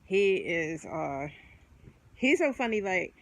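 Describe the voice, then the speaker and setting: A woman's voice: on the low side, big pitch swings, slow pace, gravelly, low-quality recording. A woman vlogging in a casual chat to camera, rambling and filling her talk with fillers and restarts.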